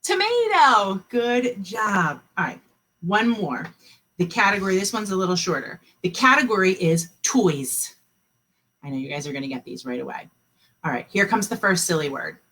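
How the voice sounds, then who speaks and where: A woman teaching a kindergarten class online, encouraging the children and sounding out words slowly. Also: lowish voice, animated, pushed and bright, slightly rough.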